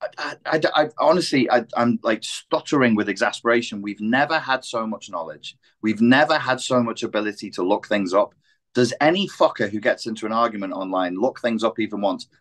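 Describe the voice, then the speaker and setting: A man hosting a podcast talks in an exasperated rant, swearing freely. His pitch leaps up sharply and drops again as he hammers his points home. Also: a little fast, fairly bright tone. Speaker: podcast host. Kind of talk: heated podcast discussion.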